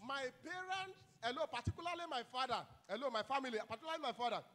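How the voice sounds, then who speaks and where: A young man with a Nigerian accent preaches with fire, breaking into shouts and throwing "hello?" out to the congregation. His voice sits very high and rings bright and sharp. His pitch leaps and falls constantly as he drives the sermon along. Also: expressive, fast. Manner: fiery call-and-response preaching, shouting and asking "hello?". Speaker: pastor.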